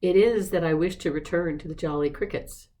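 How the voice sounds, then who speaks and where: Brief: a woman voicing a polite, shifty foreign man, thirties, low mellow tone. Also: fairly quick, lightly acted. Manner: over-polite, foreign accent put on. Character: suave evasive foreign man in his thirties.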